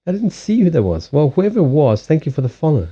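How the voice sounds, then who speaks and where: Speaking in a slightly high, sing-song voice with a dark, husky tone, this African live-stream host reads cards and chats casually with his audience. He responds to viewer messages with halting restarts, and his streaming audio has the highs cut off.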